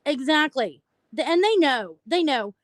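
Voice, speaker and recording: A woman's voice: sits high, expressive, a little slow, no room sound. A woman, openly and talkatively telling her own story to viewers on a live stream. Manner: open, talkative, addresses viewers directly. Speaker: host of a live stream about mental health. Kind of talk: personal storytelling, casual chat.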